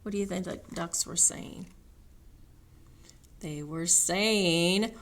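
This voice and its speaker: A woman librarian reading a picture book aloud at a children's story time, slow and animated, asking the kids questions. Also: on the low side.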